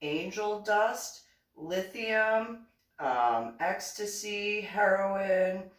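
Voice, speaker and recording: A woman's voice: medium pitch, expressive, drawn-out words. A woman quoting a blunt male army sergeant in her own voice, questioning her in brusque tones. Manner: brusque, interrogating. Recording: roomy echo, mic at a distance.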